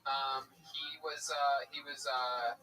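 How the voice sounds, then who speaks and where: A man hosting a live comedy show, loud and swearing freely as he brings comics on. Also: mid-range voice, flat delivery, takes it slowly, recorded from a distance, a little hiss or hum, low-quality recording.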